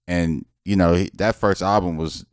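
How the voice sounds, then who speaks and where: A man co-hosting a podcast in casual chat, relaxed and opinionated. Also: deep voice, normal speed, smooth, no echo, studio quality. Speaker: podcast co-host.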